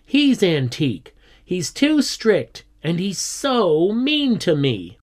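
A sulky, mouthy schoolgirl whines her complaints in a lifted, strained tone, as a man reads her. She sounds put-upon and sharp-tongued, a storybook troublemaker. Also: wildly swooping pitch, slow pace, exaggerated voice. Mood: indignant. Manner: whiny, higher pitched.

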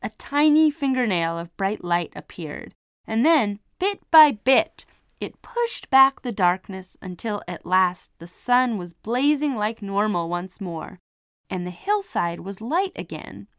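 A woman reading a children's story aloud, giving each character an expressive voice. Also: mid-range voice, takes it slowly, smooth, no room sound, studio quality.

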